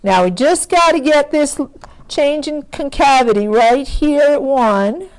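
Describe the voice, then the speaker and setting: A woman's voice: high voice, lively intonation, measured pace. A woman teaching a math lesson, chatty and self-correcting as she thinks aloud while working. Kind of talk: recorded screen lesson.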